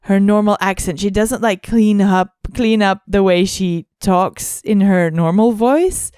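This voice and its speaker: A woman's voice: medium pitch, measured pace, darkish tone, clear, resonant tone, dry recording, clean studio sound. A woman co-hosting a podcast, musing aloud in casual chat and often searching for words. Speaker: podcast co-host.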